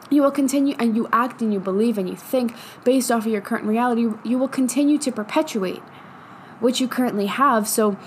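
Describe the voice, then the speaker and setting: A young woman hosts a podcast, delivering a casual motivational monologue packed with swearing and frequent laughter. Her emphatic voice is on the high side, with slight background noise.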